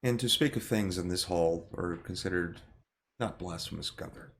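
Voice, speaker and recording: A man voicing a graceful, stately dragon woman who speaks in formal, measured pronouncements during a tabletop game. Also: low-pitched, a bit bright, a little hiss or hum.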